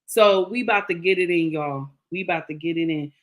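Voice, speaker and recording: A woman's voice: fairly low pitch, brisk. An older woman, giving sassy, preachy commentary to her viewers. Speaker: commentary vlogger. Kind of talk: casual opinion commentary.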